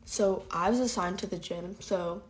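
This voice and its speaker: A young woman telling school stories in a chatty, animated get-ready-with-me storytime, lisping slightly from whitening strips. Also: lowish voice, normal speed. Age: young adult.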